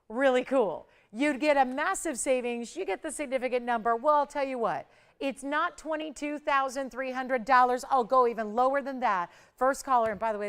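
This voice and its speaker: A woman's voice: a little high, a bit bright, clean tone. A middle-aged woman hosting a live TV jewelry sale, chatting enthusiastically and building up prices playfully. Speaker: shopping channel host.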